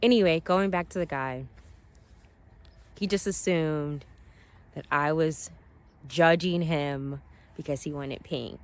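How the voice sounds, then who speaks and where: A woman vlogging outdoors by the water on a phone, telling a story in an excitable, rambling way and often apologizing for going off track. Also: deep voice, slow, long pauses. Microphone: phone held above the water.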